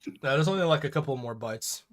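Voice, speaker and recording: A man's voice: medium pitch, animated, fairly quick. A man hosting a live stream podcast, chatting casually and crudely with friends while sick with a cold. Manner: crude, joking, swears a lot.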